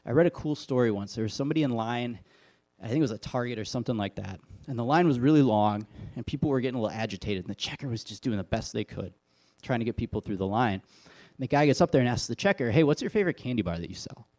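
A man's voice: mid-range voice, fast, darkish tone. A middle-aged man from Wisconsin giving a sermon, telling stories with self-deprecating humor in an easy conversational way. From Wisconsin, USA. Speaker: pastor.

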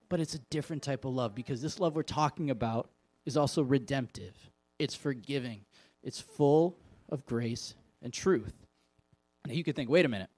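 A man's voice: mid-range voice, darkish tone, dry recording. A man preaching an informal evening sermon, reading scripture aloud and talking conversationally to the congregation. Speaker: pastor.

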